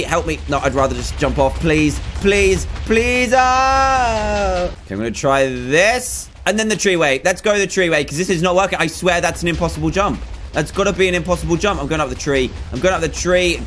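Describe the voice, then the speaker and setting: A young man, giving excitable let's play commentary and groaning at failed jumps. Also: high voice. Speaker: gaming YouTuber.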